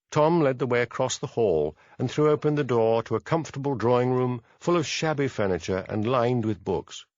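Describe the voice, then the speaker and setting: A man narrating a mystery audiobook in a measured storytelling manner. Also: mid-range voice, no room sound, highs cut off. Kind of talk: scripted narration.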